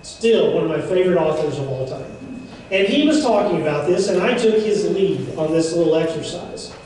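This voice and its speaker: In an event room, a man with a fairly high, slightly mellow voice gives a seminar talk at normal speed, expressive and chatty with jokes and playful asides. The mic is far off in an echoey room, with slight background noise.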